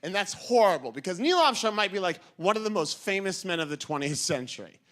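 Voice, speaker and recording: A man from New doing a stand-up comedy set, telling stories and acting out voices with animated delivery. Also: sits high, brisk. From New York City. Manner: animated storytelling, acts out voices.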